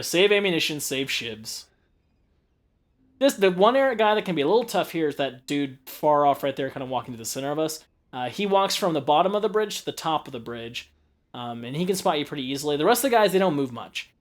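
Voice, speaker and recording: A young man giving casual, joking commentary over gameplay, offering tips and laughing often. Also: a little high. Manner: giggly, jokey, gives gameplay tips. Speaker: let's play commentator.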